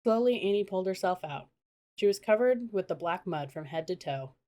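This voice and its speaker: Woman with a lowish voice reading a children's story. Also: expressive, fairly quick, mellow. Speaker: audiobook narrator.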